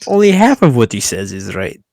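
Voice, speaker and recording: A man's voice: mid-range voice, very animated, brisk, vocal fry, darkish tone, no room sound. A man chatting casually with friends during a tabletop game, talking in a loose, chatty way and laughing between lines.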